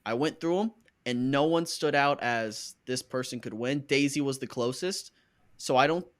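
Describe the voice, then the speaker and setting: A man's voice: medium pitch, normal speed. Chatty, joking male podcast host. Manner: chatty, joking, rambling with fillers. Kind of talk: casual podcast chat.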